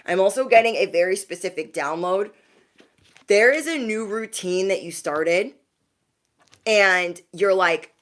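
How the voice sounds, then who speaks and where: A young adult woman delivers an intuitive spiritual reading straight to her viewers. She talks in a chatty, familiar way and calls her audience bestie. Her pitch sits mid-range for a woman. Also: measured pace. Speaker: intuitive reader.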